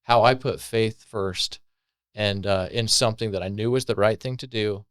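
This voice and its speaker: A low-voiced man tells his recovery story on a podcast, earnest and thoughtful, often pausing on fillers. The sound is dry and close, with no room echo. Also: fairly even intonation, fairly bright tone, clear, resonant tone. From Colorado, USA. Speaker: podcast guest. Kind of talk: personal recovery story, conversational.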